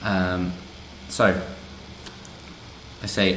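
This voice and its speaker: A man's voice: sits low, normal speed, slight background noise. A man doing casual commentary on a news story, sarcastic and rambling with asides. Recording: roomy echo.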